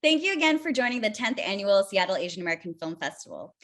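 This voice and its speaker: A woman hosting a festival interview over a video call, warm and giggly, often laughing through her lines. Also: mid-range voice, very animated, fast talker. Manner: giggly, keeps breaking into laughter. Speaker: festival staff host.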